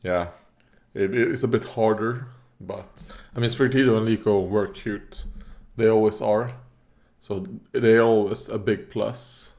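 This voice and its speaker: A man's voice: fairly low pitch, fairly even intonation, measured pace, darkish tone. A man hosting a reaction video, chatting casually as he watches, rambling with fillers, coughing now and then and talking back at the screen. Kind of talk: casual commentary while watching.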